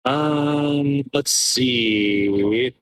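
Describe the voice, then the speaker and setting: Podcast co-host, male, bright edgy tone, sarcastic ranter, heavy swearing. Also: mid-range voice, dry recording, poor audio. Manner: sarcastic, swears often, reads charges aloud haltingly. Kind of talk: casual podcast rant.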